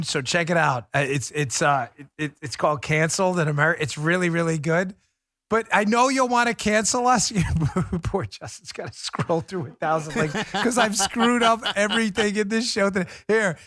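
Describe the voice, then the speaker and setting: A brash New man hosting an opinionated show with a high, bright voice. He talks fast and jokes and laughs a lot. The sound is dry and close. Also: dry recording. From New York. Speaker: podcast host. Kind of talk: opinionated commentary.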